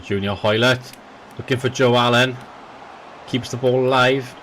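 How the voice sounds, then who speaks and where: Speaking in a mid-range voice at a moderate pace, a gaming host does a let's play with football commentary, chatting with viewers as he calls the game. He gets excitable, his voice rising sharply at each goal, with slight background noise present.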